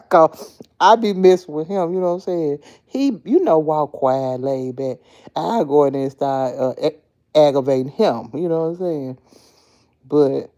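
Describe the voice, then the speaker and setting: A woman's voice: deep voice, dull audio. A woman hosting a casual livestream, talking freely and playfully with her viewers and answering their comments by name. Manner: talkative, animated, playful. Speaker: livestream host chatting with viewers.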